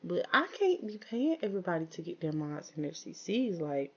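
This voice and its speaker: A woman speaking narrates her farm game for viewers, talking back to her characters and airing small frustrations. Her voice sits a bit low with a gravelly edge. The recording sounds dull and lo-fi. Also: big pitch swings, normal speed, a little mellow. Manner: chatty, talks to viewers and her game characters, exasperated asides. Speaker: gaming channel host. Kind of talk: casual let's-play commentary.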